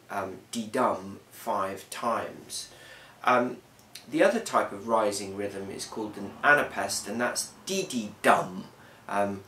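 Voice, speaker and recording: A man explaining a lesson in a measured way, often pausing with um. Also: on the low side, a bit bright. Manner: measured, with frequent ums. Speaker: teacher. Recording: roomy, from a distance, faint hiss.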